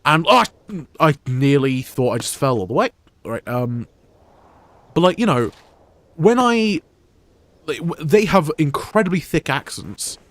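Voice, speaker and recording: Unhurried and sing-song, this young man from the UK has a fairly bright, higher voice and leaves long pauses as he streams a game. His casual gameplay chat rambles in an English accent with Scottish touches, full of fillers and restarts.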